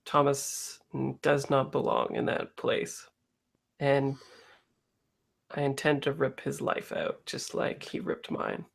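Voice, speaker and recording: A player speaking in character in a slow, low-key way. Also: little pitch movement, creaky. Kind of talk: tabletop role-play.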